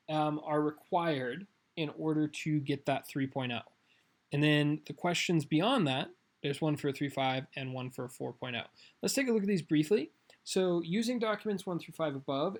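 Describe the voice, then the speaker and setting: A man teaching a class, taking students through a worksheet and often checking in with a quick "right?". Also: a little high. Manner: talks to students, adds "right?" often and reads documents aloud. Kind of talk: classroom lesson, going over a worksheet.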